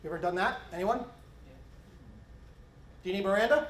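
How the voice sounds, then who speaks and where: Fast-talking presenter in an echoey hall. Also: male voice, high voice, slight background noise. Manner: animated, acts out interview dialogue. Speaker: police interview trainer. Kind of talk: conference presentation. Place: conference hall.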